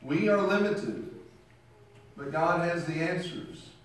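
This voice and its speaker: A man's voice: fairly high pitch, takes it slowly. A man preaching a sermon and telling illustrations, acting out the voices of the people in his stories. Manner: storytelling, acts out quoted voices. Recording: very echoey room from far off.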